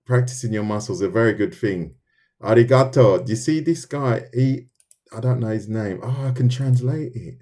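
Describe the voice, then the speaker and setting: Warm in tone, mid-range, and moderately paced, this Londoner chats on a live stream as he draws. He responds to viewer comments and thinks out loud, restarting sentences loosely.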